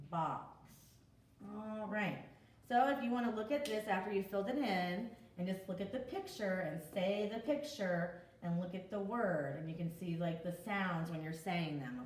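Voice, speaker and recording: Female preschool teacher, unhurried, drawing out each sound; roomy echo, mic at a distance. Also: fairly low pitch. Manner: slow, sounds out letters and vowel sounds. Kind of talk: remote lesson for young children.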